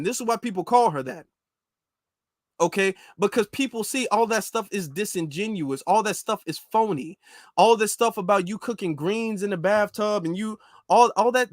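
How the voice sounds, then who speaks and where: A man's voice: high-pitched, fairly bright tone, no echo. A man giving opinionated commentary on a close mic, talking in an incredulous, repetitive, ranting way. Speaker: commentary vlogger.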